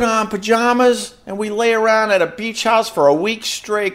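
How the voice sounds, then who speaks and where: A man spins a casual story for his live viewers, his pitch swooping up and down as he acts out what others said. His voice sits a bit high for a man, and he swears freely. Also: big pitch swings, measured pace, few pauses, a bit bright. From New York. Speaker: host chatting with live viewers.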